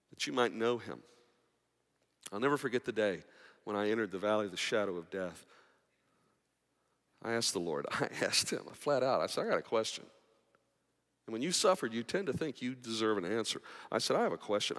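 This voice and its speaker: A man pastor preaching a sermon, moving between quiet, intimate passages and raised, urgent appeals. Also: fairly low pitch, very animated, normal speed, pauses often. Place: church sanctuary. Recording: long reverb of a large hall.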